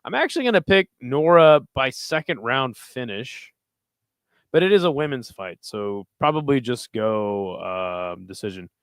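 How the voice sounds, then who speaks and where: A man hosts a casual livestream, chatting through fight picks and answering his chat in a rambling, profane way. His voice is smooth and clean, and it sits at an everyday middle pitch. The sound is dry and close, with no room around it. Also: expressive, measured pace, dry recording. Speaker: host reading live chat.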